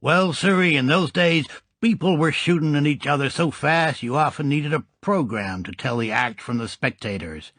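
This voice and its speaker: A boastful American gangster with a fixed grin. His mobster voice rises high and loud, with a husky edge, and he stumbles over b, m and p sounds. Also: dry recording. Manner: halting on b, m and p sounds, slangy. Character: American gangster with a lip-curling grin, male.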